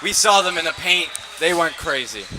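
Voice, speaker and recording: A young man giving color commentary at a school basketball game, eager and quick to shout at big plays. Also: a little high, over a noisy crowd, low-quality recording. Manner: eager, bursts into excited shouts. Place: school gym. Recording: loud gym noise behind.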